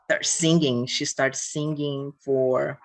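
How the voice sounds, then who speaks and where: Thoughtful, halting conversation host. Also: mid-range voice. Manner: thoughtful, halting, searching for words. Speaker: host and diversity company CEO. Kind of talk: casual reflective conversation.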